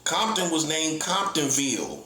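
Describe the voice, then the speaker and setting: A middle-aged man preaches his point in a combative, repetitive monologue, hammering the same lines again and again. His voice sits a little high for a man. The recording is roomy, with a noticeable echo around him. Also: sing-song, a little slow, sharp tone. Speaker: self-styled prophet. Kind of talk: heated online monologue. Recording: echoey room.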